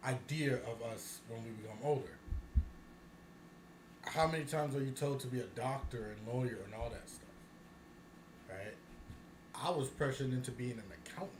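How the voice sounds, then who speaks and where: A man co-hosting a casual talk show, ranting bluntly with plenty of profanity and bursts of laughter. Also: medium pitch. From United States. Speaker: podcast co-host. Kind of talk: casual chat. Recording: echoey room with noise.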